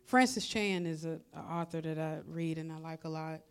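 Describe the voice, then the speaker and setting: A woman's voice: low voice, fairly even intonation, normal speed, smooth. A woman pastor preaching a sermon in a conversational, colloquial style, repeating her exhortations.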